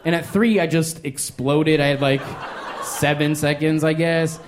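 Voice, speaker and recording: Self-mocking stand-up man, fairly high voice. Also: fairly even intonation, unhurried, background noise. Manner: rambling, self-mocking storytelling with frequent filler words. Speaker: stand-up comedian. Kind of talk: stand-up comedy set. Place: comedy club stage. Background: audience laughter.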